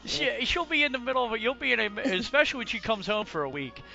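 High bright-voiced man, rambling chat. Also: sing-song, quick pace, vocal fry, faint music behind. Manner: rambling, stammers and restarts often. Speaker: podcast host. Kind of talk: casual chat. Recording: slightly dull lo-fi audio.

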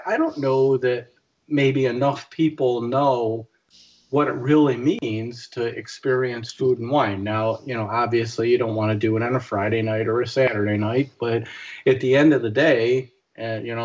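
A man's voice: mid-range voice, a little mellow, muffled recording. A man co-hosting a podcast in casual chat, rambling with many restarts. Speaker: podcast co-host.

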